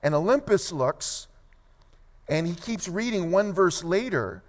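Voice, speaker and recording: A male pastor delivers a sermon in a lively storytelling voice, slightly higher pitched than most men. He asks his congregation questions as he goes. His voice rings out with a long hall reverb behind it. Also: unhurried.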